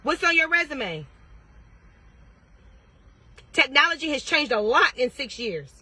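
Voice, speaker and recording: A woman's voice: high-pitched, sing-song, unhurried, pushed and bright, no room sound. A woman tarot reader giving blunt, profane advice in a casual vlog, firing off repeated questions.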